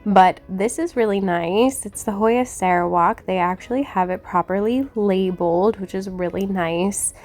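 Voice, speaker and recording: A woman's voice: mid-range voice, moderate pace, few pauses, a little mellow. A young woman chatting casually as a plant vlogger, giggly and filling her talk with "like", with faint music playing behind her. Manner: upbeat voice-over narration. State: slightly out of breath. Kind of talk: casual vlog chat. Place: inside a parked car; voice-over booth, not on location.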